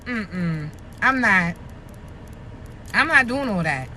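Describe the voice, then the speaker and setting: A woman in her thirties vlogs a casual, blunt rant to camera from outdoors near traffic, a little breathless as she swears and poses rhetorical questions to her followers. Her mid-range voice is expressive and sharp-toned, and she speaks at a slow pace.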